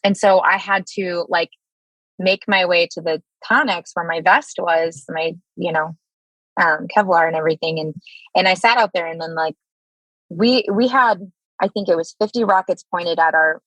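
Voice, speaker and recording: American woman, 30s, army veteran guest; low voice, dry close sound, halting with frequent restarts. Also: fairly bright tone, no echo, rough recording. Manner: halting, many fillers and restarts. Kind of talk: candid interview storytelling.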